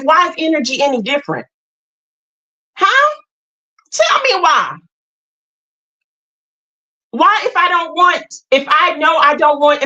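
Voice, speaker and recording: A woman with a high, sharp voice talks straight to her livestream viewers. She is emphatic and blunt, with a preachy edge as she lays out her spiritual views. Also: poor audio. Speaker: livestream host. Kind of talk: impassioned spiritual talk to viewers.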